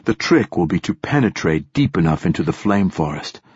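Male audiobook narrator: low, husky, dry and close, solemn and measured, slightly muffled sound. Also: big pitch swings, no room sound. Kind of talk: scripted first-person narration. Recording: dull, muffled recording.

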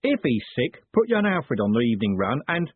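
Big angry coachman, a man puts him on, gruff and blustery, phone-like dry sound. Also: mid-range voice, big pitch swings, brisk, no echo, pitched above the performer's own voice. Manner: gruff, blustering, working-class. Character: big, hot-tempered male coachman.

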